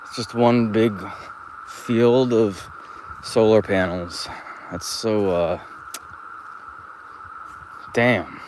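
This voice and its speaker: A man's voice: on the low side, drawn-out words, long pauses, noisy background. A man live streaming from his phone while walking outdoors, talking in a laid-back, rambling way and swearing freely. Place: outdoors, walking through a park and woods.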